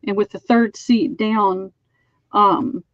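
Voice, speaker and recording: A woman's voice: medium pitch, fairly even intonation, slow pace, no echo, muffled recording. A woman hosting a live online sale, chatting as she measures and describes items. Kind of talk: live-streamed sale pitch.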